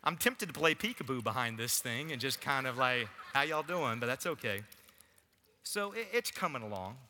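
Animated pastor in a hall. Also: male voice, medium pitch, normal speed, slight background noise. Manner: animated preaching with audience asides. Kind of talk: sermon. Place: church sanctuary. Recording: long church hall reverb.

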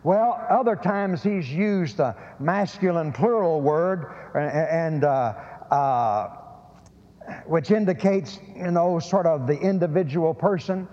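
A man's voice: fairly high pitch, expressive, takes it slowly, mellow. A man preaching a sermon, emphatic and prone to repeating words and restarting phrases. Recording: lo-fi sermon recording in a reverberant hall.

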